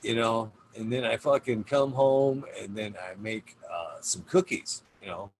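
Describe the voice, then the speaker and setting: A man's voice: on the low side, unhurried, slight background noise. A man hosting a casual podcast, laid-back and swearing constantly as he laughs through a story about his day. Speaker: podcast host.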